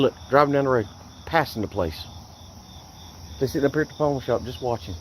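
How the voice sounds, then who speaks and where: A man's voice: mid-range voice, a little fast, long pauses, noisy background. A man filming outside by a road, angrily and repeatedly complaining. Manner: angry, indignant, repetitive complaining. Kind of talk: ranting phone vlog.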